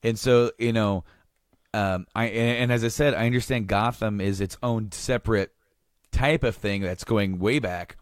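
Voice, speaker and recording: A male podcast host talks in a low voice, rambling and enthusiastic with frequent restarts. It is easy casual chat. The sound is dry and close to the mic. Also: moderate pace, smooth, dry recording.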